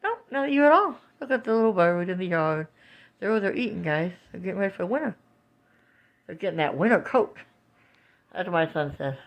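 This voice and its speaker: A woman's voice: fairly low pitch, fairly quick, pauses often, dull audio. A woman vlogging from home on a phone camera, narrating out a window to her viewers. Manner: animated, coos and exclaims, talks to viewers as "guys". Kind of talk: casual home video narration.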